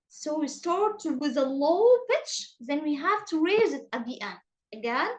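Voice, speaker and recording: A woman with an Egyptian accent teaching English intonation in an online class over a video call, speaking slowly and emphatically. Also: animated, poor audio. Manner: slow, emphatic, exaggerated rising and falling pitch.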